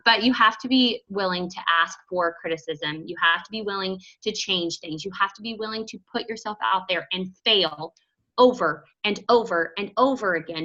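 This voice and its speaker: A woman giving energetic, chatty motivational coaching talk to a group, often acting out quotes. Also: mid-range voice, lo-fi sound. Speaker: fitness business coach.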